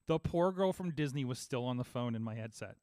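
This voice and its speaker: A man in casual podcast chat, telling an animated story and acting out both sides of phone calls. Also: mid-range voice, fairly quick, dry recording. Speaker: podcast host.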